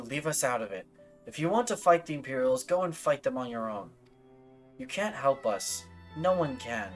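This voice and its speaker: Game read: a hopeless young village boy, hushed and grave , voiced by a man, even measured delivery. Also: medium pitch, close to an everyday voice. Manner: hushed, somber, pleading.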